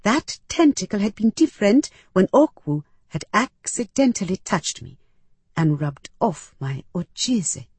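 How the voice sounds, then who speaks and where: A woman reading a first-person story aloud as an audiobook narrator, in an unhurried, earnest way. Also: mid-range voice, sing-song, a little mellow, slightly rough, no echo.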